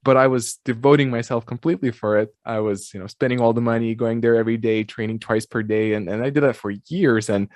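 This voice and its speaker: A man's voice: medium pitch, steady tone, fast, few pauses, a little mellow, dry recording. A man hosting an interview, asking questions and reflecting on his own experience. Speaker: interviewer, host.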